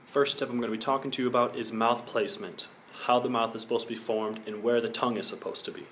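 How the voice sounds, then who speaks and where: A man's voice: medium pitch, level tone, fast, over music. A young man giving an earnest singing lesson as a school project, explaining each point and now and then singing a short vowel to show it. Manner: earnest, instructive, demonstrates sung vowels. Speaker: singing teacher.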